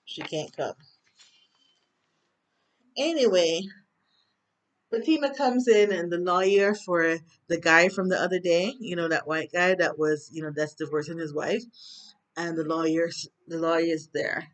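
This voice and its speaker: A woman's voice: fairly low pitch, fairly even intonation, moderate pace. A woman with a Jamaican accent chatting through a TV episode recap, rambling with lots of fillers. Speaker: TV recap vlogger.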